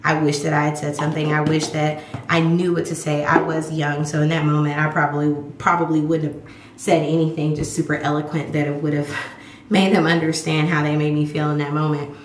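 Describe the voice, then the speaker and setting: A vlog host in her thirties tells a personal story to camera, candid and emphatic, acting out quoted voices. Her low voice is fairly quick with little pitch movement, recorded in an echoey room with clear background noise.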